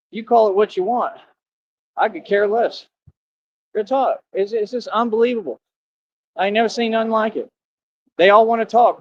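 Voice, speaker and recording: A man ranting on a livestream, boastful and confrontational, full of street slang. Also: high voice. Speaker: livestream streamer. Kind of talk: ranting live stream. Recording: dull lo-fi sound.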